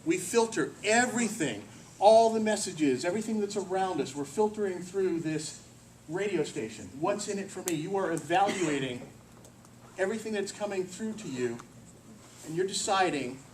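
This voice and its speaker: A man gives a workplace presentation in a meeting room, lively and joking, tossing questions to the audience. His voice sits a touch high for a man and comes from a distant mic. A faint hiss runs under it. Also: moderate pace.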